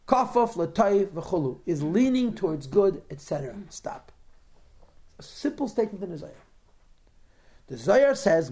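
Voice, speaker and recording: A man with a high, slightly mellow voice teaches a class on a religious text. As a Torah teacher, he poses rhetorical questions and responds to what his students say.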